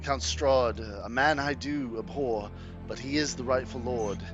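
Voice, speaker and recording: A loud, earnest young village leader, as a man puts him on declaims to a crowd in a tabletop game. Music plays clearly behind him. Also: mid-range voice, unhurried, highs cut off, lightly acted. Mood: formal.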